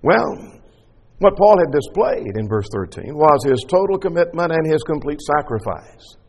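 A man's voice: mid-range voice, expressive, normal speed, husky. A man preaching a sermon emphatically, asking rhetorical questions and repeating key lines. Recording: long hall reverb.

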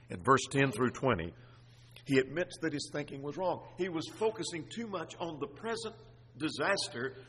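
A man preaching from the pulpit, his voice pitched high with a husky edge. He climbs to loud, forceful bursts when he reads scripture aloud. The sound carries a long reverb, as in a large hall. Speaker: pastor. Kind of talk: sermon.

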